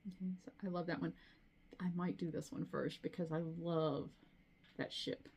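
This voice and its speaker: A woman's voice: deep voice, fairly even intonation, normal speed, creaky, darkish tone, slightly rough. A middle-aged woman chatting casually to camera as a cross-stitch vlogger, rambling with frequent asides. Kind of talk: casual chat.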